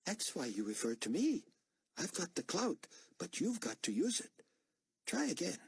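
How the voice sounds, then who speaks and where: A man's voice: high-pitched, wildly swooping pitch, moderate pace, vocal fry, slightly rough, no echo, pitched above the performer's own voice, heavily acted. A man voicing a wry, teasing, commanding older male officer with a dry manner.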